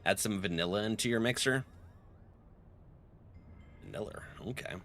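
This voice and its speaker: A man's voice: lowish voice, normal speed, fairly bright tone, faint music behind. A young man streaming a game, chatting casually with viewers and laughing often. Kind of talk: casual live-stream chat.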